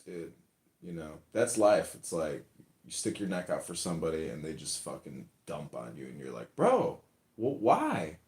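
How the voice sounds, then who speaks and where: A man's voice: a bass voice, normal speed, a little mellow. A man hosting a casual talk show, telling stories in a rambling, profane way and acting out quotes. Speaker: podcast host. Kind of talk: casual chat, storytelling. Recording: roomy echo.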